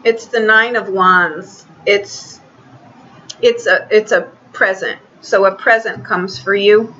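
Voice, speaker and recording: A woman giving a casual tarot reading, talking in a chatty, halting way with many restarts. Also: medium pitch, fairly even intonation, pushed and bright, muffled recording, a little hiss or hum. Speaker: tarot reader.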